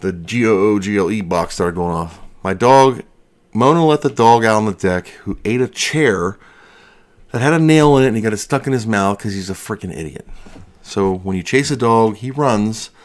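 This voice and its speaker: A man with a fairly low voice talks on a casual livestream, out of breath and rambling. He jokes at his own expense as he chats. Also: normal speed. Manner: rambling, self-deprecating, jokey. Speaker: livestream host.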